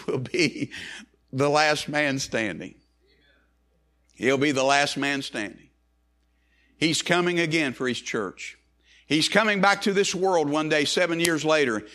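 A man preaching a sermon as pastor, swinging from quick, low asides to slow, high, emphatic rises on key phrases. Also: sharp tone.

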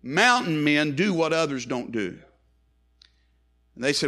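Male preacher, high and bright, hushed to ringing. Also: very animated, a little slow. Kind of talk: sermon.

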